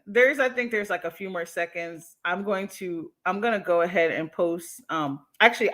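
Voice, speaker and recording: A woman hosting a livestream, reacting to a clip in a casual, slangy way and laughing often. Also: fairly low pitch. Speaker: livestream host.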